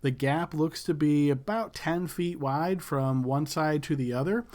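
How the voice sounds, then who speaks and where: A man narrating a tabletop game as game master, descriptive and unhurried with many fillers. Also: fairly high pitch, darkish tone.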